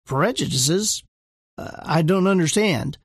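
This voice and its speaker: Male reader voicing a courteous, mild man; gravelly, unhurried. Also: high-pitched, lively intonation, dry recording, clean studio sound, exaggerated voice. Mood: puzzled. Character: polite, puzzled man leading a meeting.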